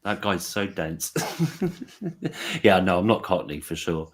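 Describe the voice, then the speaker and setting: An English man with a West Yorkshire accent, soft-spoken and articulate, chatting casually on a panel and often putting himself down. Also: low voice, very animated, slow. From England. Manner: rambling and self-deprecating, with frequent fillers. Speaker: panel guest.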